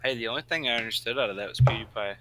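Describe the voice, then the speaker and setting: A man's voice: mid-range voice, rapid-fire, heavy background noise. A man co-hosting a casual gaming podcast, teasing and cracking jokes. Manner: teasing, wisecracking. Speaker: podcast co-host.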